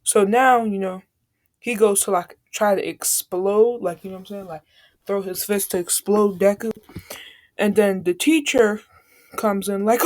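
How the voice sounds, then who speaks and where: A woman's voice: medium pitch, steady tone, a little slow, a little mellow. A woman casually retelling a made-up fan story, rambling in slang with constant fillers.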